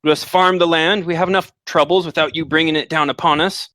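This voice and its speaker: A man's voice: a little high, steady tone, quick pace, sharp tone, no echo, rough recording. A man voicing a bearded farmer father who scolds and distrusts strangers. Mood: wary. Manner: scolding, suspicious.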